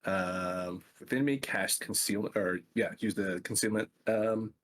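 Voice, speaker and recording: A man playing a tabletop game talks through his moves haltingly, with many uhs. His voice is somewhat low for a man. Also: fairly bright tone. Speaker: player. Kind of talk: casual play at a tabletop game.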